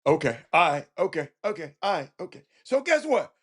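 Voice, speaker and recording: Here's a livestream host whose voice is fairly high, brisk, and slightly rough. With his Houston, Texas accent, he leads an easygoing sports talk stream, animated and laughing frequently as he talks directly to chat.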